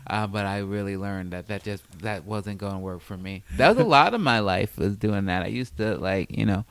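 A man from Chicago's South Side, a comedian guest telling stories in a soft-spoken, gently amused, unhurried way. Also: on the low side, smooth, no echo. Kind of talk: casual chat.

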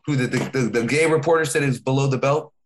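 A middle-aged man chatting casually as a podcast co-host, his pitch sitting right in the middle of the range. He rambles through his stories, stumbling and restarting often. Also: a little hiss or hum. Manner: rambling, halting storyteller with many restarts. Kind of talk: casual chat.

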